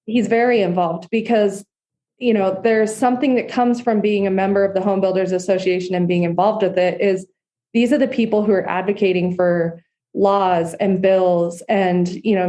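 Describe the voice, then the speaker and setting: A woman home builder answering interview questions. Her voice has a mellow, warm tone. She explains things earnestly and steadily, with relaxed fillers. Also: medium pitch, normal speed. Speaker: custom home builder guest.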